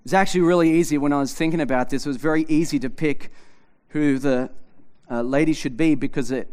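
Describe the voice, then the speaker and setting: A man's voice: a little high, fast, darkish tone, clear, resonant tone. A man preaching a humorous sermon in a church, telling stories animatedly and acting out both sides of conversations. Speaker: pastor.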